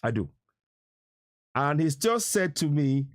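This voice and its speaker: A man's voice: a little high, big pitch swings, a little slow, long pauses, darkish tone. A Nigerian man hosting a live stream, talking earnestly and emotionally in a rambling way, with many restarts. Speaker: live stream host taking calls. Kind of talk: casual live-stream talk.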